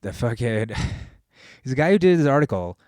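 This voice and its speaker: A man hosting a podcast, delivering a profane, rambling, animated monologue. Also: medium pitch, moderate pace, no room sound, clean studio sound. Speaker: podcast host. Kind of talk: casual monologue.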